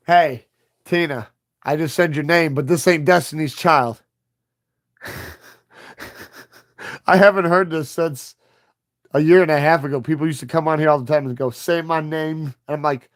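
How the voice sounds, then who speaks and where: A man's voice: fairly high pitch, a little slow, long pauses, fairly bright tone. A man in his thirties hosting a livestream, chatting casually and profanely with viewers in a rambling, playful way. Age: 30s. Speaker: livestream host.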